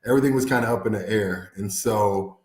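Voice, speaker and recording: A man from the American Midwest telling a story in an interview, animated and laughing often as he acts out quotes. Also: on the low side, a little fast. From Fort Wayne, Indiana. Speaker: former NFL player, guest. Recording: echoey room.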